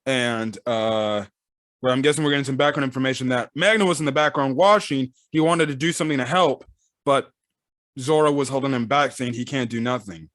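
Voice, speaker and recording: A man hosting a casual manga reaction, reading along and breaking into excited exclamations. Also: medium pitch, a little fast, no room sound, clean studio sound. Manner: excitable, bursts into loud exclamations. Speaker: manga reaction channel host.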